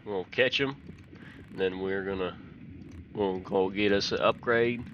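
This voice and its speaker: A man's voice: deep voice, normal speed, lo-fi sound, slight background noise. A man from Texas, giving folksy, chatty commentary on a fishing game and telling fishing stories. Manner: folksy, chatty, excited when fish bite. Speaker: gaming channel host.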